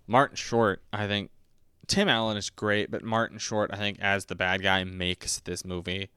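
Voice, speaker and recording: Rambling young man with a clear, dry voice. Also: steady tone, moderate pace, bright, forceful tone, no echo. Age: 20s. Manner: rambling and self-mocking, often breaks into squeaky high put-on voices. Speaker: podcast host reviewing a movie. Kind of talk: casual rambling commentary.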